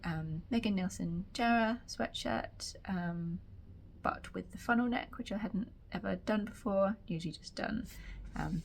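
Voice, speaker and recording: A woman chats casually to camera from her home sewing room, her voice a little croaky and tired after a late night. Her tone sits fairly low with a gravelly edge, and she rambles along with plenty of ums and restarts. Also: slight background noise. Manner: chatty, rambling with many fillers. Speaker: sewing vlogger.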